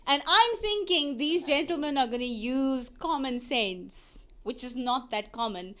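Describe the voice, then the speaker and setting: A woman co-hosts a relaxed chat, her voice high and bright. She tells stories with a playful, teasing edge. Her delivery is lively and chatty. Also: a little slow. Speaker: co-host. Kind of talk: casual chat.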